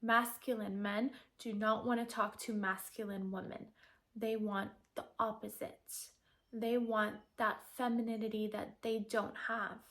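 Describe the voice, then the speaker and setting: A woman's voice: medium pitch, flat delivery, a little slow, fairly bright tone. A woman giving earnest coaching advice straight to camera, asking her viewers rhetorical questions. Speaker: feminine energy coach. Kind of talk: direct-to-camera advice talk.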